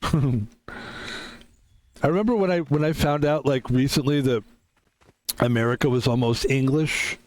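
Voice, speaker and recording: Hoarse chatty male streamer. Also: mid-range voice, a little slow, long pauses. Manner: rambling, chatty, self-mocking. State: hoarse, voice still recovering. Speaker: game streamer. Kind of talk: casual live-stream chat while gaming.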